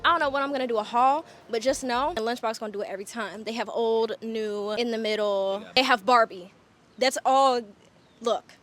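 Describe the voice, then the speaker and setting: A woman's voice: a little high, fairly quick, a bit bright. A young woman from Charlotte, vlogging casually, bubbly and chatty with frequent laughs. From Charlotte, North Carolina. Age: young adult. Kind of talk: casual vlog chat.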